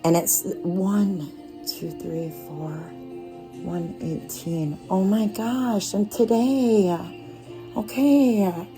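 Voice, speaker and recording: A woman giving a casual tarot card reading, talking straight to the listener in an unhurried, reassuring way. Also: mid-range voice, music in the background. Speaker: tarot reader.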